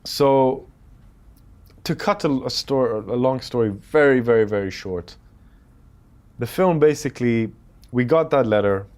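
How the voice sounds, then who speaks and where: A man's voice: mid-range voice, unhurried. A man from the United Arab Emirates, a film director in his thirties, telling anecdotes in a casual interview and acting out what others said. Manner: animated, quotes others while telling anecdotes.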